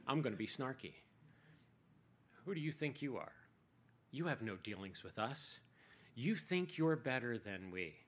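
A man's voice: medium pitch, sing-song, measured pace, long pauses, slight background noise. A man voicing a sarcastic, defensive Samaritan woman at a well, in a sermon retelling. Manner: snarky, defensive.

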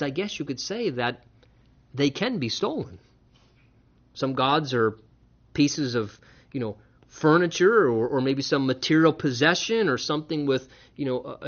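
A man preaching a sermon, animated and conversational, mixing scripture reading with wry humorous asides. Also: fairly high pitch. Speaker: pastor. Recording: dull lo-fi recording.

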